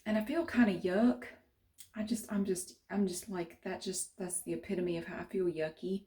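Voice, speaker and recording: A woman vlogger talks casually to her camera, tired and a bit rambling. Her voice is warm and mellow, sitting at an everyday middle pitch. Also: fairly even intonation, moderate pace. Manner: rambling, chatty, self-correcting.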